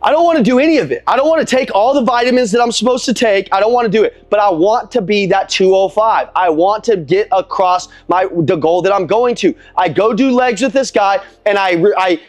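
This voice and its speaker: A man's voice: high voice, a little fast, no echo, faint music behind. A young man giving blunt, profane motivational coaching on a call. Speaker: motivational speaker.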